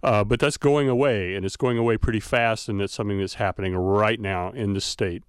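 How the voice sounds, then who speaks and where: Academic guest, male, light Southern accent, lowish smooth voice, dry studio sound. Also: a little fast, dry recording. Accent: light Southern American. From Southern United States. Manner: thoughtful, frequent uh fillers, academic. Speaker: linguistics professor guest. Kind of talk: explanatory interview answers.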